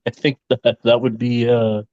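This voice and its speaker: A man's voice: mid-range voice, level tone, normal speed, a little mellow, highs cut off. A man chatting casually as a podcast co-host, laid-back, laughing often and swearing. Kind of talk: casual chat.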